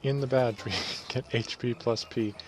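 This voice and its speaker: A man talks casually over a video game playthrough, rambling and correcting himself now and then. His voice sits at an ordinary pitch for a man. Game music plays faintly behind him. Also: normal speed. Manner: relaxed, rambling, self-correcting. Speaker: let's play host. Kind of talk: casual gameplay commentary.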